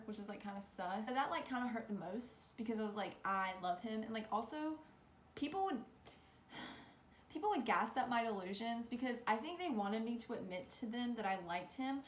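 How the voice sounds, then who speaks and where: A young woman chats through a storytime in a rambling, animated way, stacking up "like" as she goes. Her voice sits a touch high. She sounds a little roomy and echoey, with a faint hum of ambience behind her. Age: young adult. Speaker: vlogger. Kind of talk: casual storytime. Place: bedroom.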